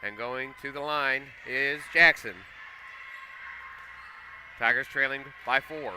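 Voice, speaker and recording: A man calling a school basketball game play by play, getting excitable and loud on big plays. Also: mid-range voice, takes it slowly, background noise. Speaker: play-by-play commentator. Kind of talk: live basketball commentary. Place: school gym.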